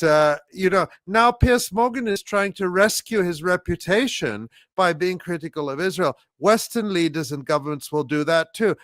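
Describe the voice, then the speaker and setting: A man's voice: on the high side, a bit bright, no echo, clean studio sound. Impassioned man rallying listeners. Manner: urgent, rallying, repeats phrases for emphasis. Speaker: guest commentator. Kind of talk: impassioned political commentary.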